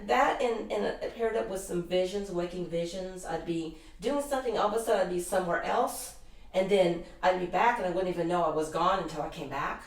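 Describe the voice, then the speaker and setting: A middle-aged woman spins a long, meandering personal story, restarting her sentences as she goes. Her voice sits fairly low. She is caught from a distance in a very echoey room. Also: a little fast. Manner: animated, rambling anecdotes with many restarts. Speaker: guest, intuitive healer. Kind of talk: casual interview storytelling. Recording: roomy echo, distant mic.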